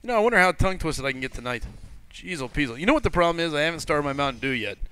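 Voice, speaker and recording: A man hosting a gaming livestream, chatting casually as he greets viewers and reads chat messages aloud. His voice is bright and forceful, sits a touch high, and comes across smooth and crisp. He rambles loosely, stumbling over words and correcting himself. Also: lively intonation, rapid-fire. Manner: loose and rambling, with frequent fillers and self-corrections.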